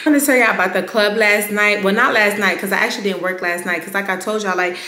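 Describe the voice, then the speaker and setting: A young adult woman vlogging casually to her viewers, emphatic and animated, coming down with a cold. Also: mid-range voice, fast talker, dry recording. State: getting sick. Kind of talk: casual direct-to-camera vlog.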